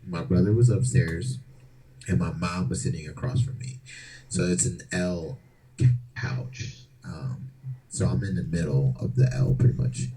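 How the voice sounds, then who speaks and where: A man's voice: sits low, unhurried, mellow, poor audio. A man co-hosting a podcast, telling a story in a loose, slangy, profane way. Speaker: podcast co-host. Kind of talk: casual storytelling.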